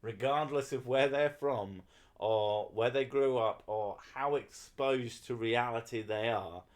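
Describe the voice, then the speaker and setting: A man's voice: medium pitch, a little slow. A man chatting casually on a livestream, rambling and swearing while he talks to his viewers. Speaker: streamer.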